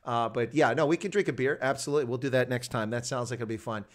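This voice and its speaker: A man's voice: medium pitch, steady tone, fast. A man hosting a casual interview show, chatty and enthusiastic, rambling as he talks. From United States. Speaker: host.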